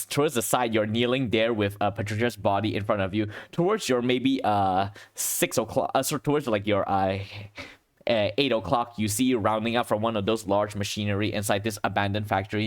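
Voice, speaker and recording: A man running a tabletop game as game master, narrating scenes in descriptive storytelling with pauses and restarts. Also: lowish voice.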